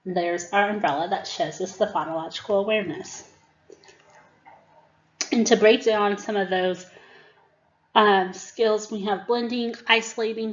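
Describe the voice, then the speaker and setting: A woman giving a teacher-training presentation on reading skills, acting out classroom prompts as she explains them. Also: medium pitch. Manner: demonstrates classroom prompts, slow and deliberate. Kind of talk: instructional presentation. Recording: dull, roomy recording.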